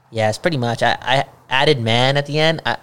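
A man's voice: mid-range voice, a bit bright, clear, resonant tone. A man co-hosting a podcast in casual chat, joking and slangy, from Canada. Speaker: podcast co-host.

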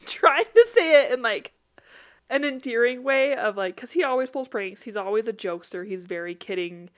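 A young woman with a medium-pitched, animated voice co-hosts a casual podcast at a normal pace. She chats her way through funny family stories, laughing often.

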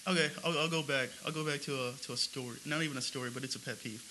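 A man's voice: mid-range voice, racing, a little hiss or hum, rough recording. A man co-hosting a casual podcast chat, telling funny stories with a lot of laughter. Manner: laughing storyteller, animated. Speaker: podcast co-host.

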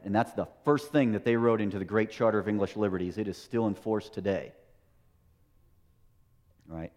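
Long hall reverb surrounds this middle-aged American man's lowish, slightly mellow voice as he preaches. Speaking as a pastor, he keeps tossing rhetorical questions and "right?" at the congregation.

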